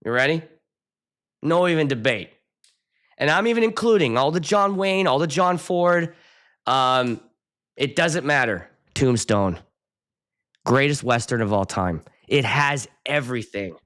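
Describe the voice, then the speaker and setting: A man from the Pittsburgh area talks casually on his own live stream, a DJ ranting at mid pitch. He rambles and jumps from topic to topic, getting worked up as he goes. His voice sits in an ordinary middle register. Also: animated, unhurried, long pauses, fairly bright tone. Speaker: wedding DJ and show host.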